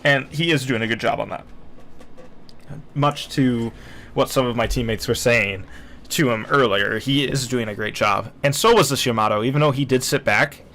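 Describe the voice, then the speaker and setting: Commenting casually on a replay of his naval battle game, a young man pokes fun at himself and acts out his thoughts from the match. His medium-pitched voice has a sharp tone and moves at normal speed, with a little hiss or hum in the recording.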